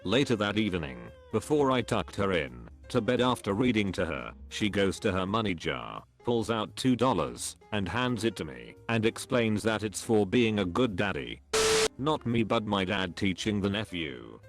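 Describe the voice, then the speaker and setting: A man's voice: on the low side, very animated, moderate pace, soft background music. A man reading stories aloud as a narrator, in a scripted storytelling style.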